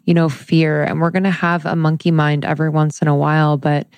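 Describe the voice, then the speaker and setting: A woman hosting a podcast interview in a casual, affirming way, quick to agree. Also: sits low, level tone, a little mellow, dry recording. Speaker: podcast host.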